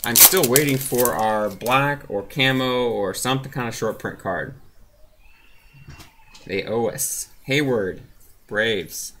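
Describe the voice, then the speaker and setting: A man's voice: mid-range voice, takes it slowly, a bit bright, a little hiss or hum. A man casually narrating as he opens trading card packs, reading off names and teams with laid-back asides. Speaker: card collector opening packs. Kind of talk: casual running commentary.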